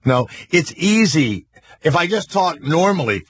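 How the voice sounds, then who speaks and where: A man's voice: a little high, big pitch swings, measured pace, slight background noise. A man hosting a talk radio show, chatting with callers in a brash, crude, rambling way.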